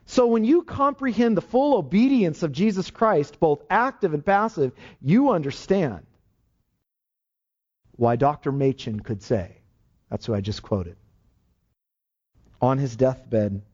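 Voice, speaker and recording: A man's voice: on the high side, lively intonation, unhurried, pauses often, a little mellow. A man preaching a sermon, emphatic and full of rhetorical questions. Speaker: pastor. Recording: dull, lo-fi sermon recording.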